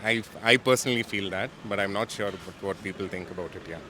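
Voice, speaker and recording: A man's voice: low voice, quick pace, sharp tone, slight background noise. A man with an Indian accent chatting hesitantly on a city street as an interviewee, often trailing off. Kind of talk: casual street chat.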